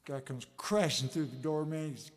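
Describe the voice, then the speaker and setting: A man on a concert stage, telling jokes between songs in a slow, laid-back storytelling way. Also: on the high side. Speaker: singer-songwriter on stage. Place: music hall stage, live concert.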